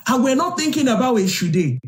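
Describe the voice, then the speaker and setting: A woman's voice: fairly high pitch, big pitch swings, fast, roomy sound, slight background noise. A woman with a Yoruba accent hosting a live stream, speaking passionately, asking rhetorical questions and switching between Yoruba and English. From Yoruba southwest Nigeria. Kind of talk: impassioned live stream monologue.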